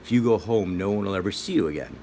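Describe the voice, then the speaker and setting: Man putting on an urgent village priest, low voice, plain everyday tone. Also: lively intonation, fast talker, dark tone, slight background noise. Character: village priest urging a young man to flee.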